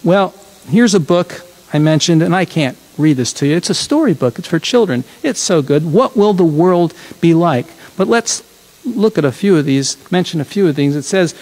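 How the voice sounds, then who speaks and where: A man's voice: fairly high pitch, animated, normal speed, darkish tone, low-quality recording. A man leading a congregation in a chatty, reflective sermon, often correcting himself mid-phrase. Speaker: congregation leader.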